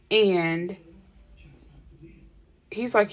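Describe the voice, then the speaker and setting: A woman's voice: on the low side, extremely slow, long pauses. A woman casually recapping a novel in a chatty way, laughing and cursing freely. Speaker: book reviewer.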